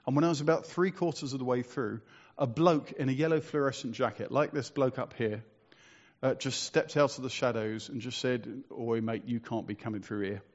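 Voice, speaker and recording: A man's voice: medium pitch, normal speed, muffled recording. A man preaching a sermon in a conversational, storytelling way, asking rhetorical questions.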